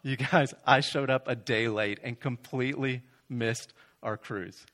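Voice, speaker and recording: A man's voice: medium pitch, fairly even intonation, unhurried, fairly bright tone. A young man from Florida telling a comic story on stage and acting out both sides of the conversations in it. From Florida, USA. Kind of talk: stand-up storytelling.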